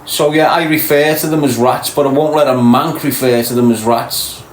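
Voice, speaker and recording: A man's voice: mid-range voice, steady tone, moderate pace. A Scouse man talks straight at his viewers, blunt and preachy, like a stern older brother laying down the law. His voice sits mid-range and carries through a roomy, echoey space. A faint hum of ambience sits underneath. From Liverpool, England. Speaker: podcast host. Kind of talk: live-stream monologue to viewers.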